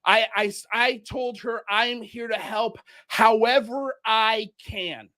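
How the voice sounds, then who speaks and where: A man's voice: high-pitched, fairly even intonation, slow pace, sharp tone. A man from Miami hosting a livestream, ranting in heated commentary as he calls people out. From Miami, United States. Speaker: show host.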